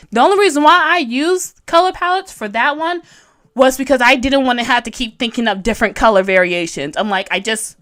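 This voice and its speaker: A bubbly woman in her thirties with a high, bright-sounding voice, talking through a drawing tutorial on a livestream. She rambles, giggles often and teases herself as she answers viewers. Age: 30s. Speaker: webcomic artist streaming a tutorial. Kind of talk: casual livestream chat, reading comments.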